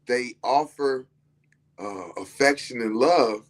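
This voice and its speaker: A man's voice: mid-range voice, slow pace. A man telling a personal story to his listeners in a loose, conversational way, often repeating himself and asking if they follow him. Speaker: speaker sharing a personal story. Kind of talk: casual storytelling to an audience.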